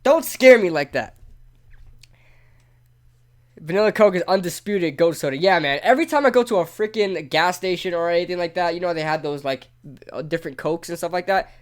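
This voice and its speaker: A man hosting a casual live sports talk stream, excitable and talking straight to his chat. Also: high-pitched, quick pace. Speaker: sports talk show host.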